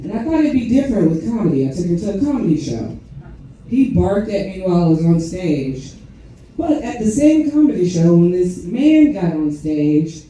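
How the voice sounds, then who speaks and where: Animated woman comic in an echoey club. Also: fairly low pitch, far from the mic, slight background noise. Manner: animated, crowd-teasing, punchy. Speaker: stand-up comedian. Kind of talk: stand-up comedy set. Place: comedy club stage. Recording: echoey club recorded from afar.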